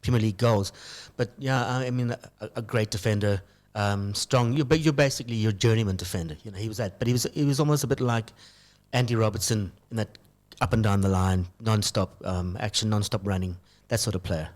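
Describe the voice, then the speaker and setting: A man with a lowish voice co-hosting sports talk radio. He speaks earnestly but haltingly, with plenty of ums as he works through his points. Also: a little mellow. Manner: hesitant, filler-heavy, earnest. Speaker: radio co-host.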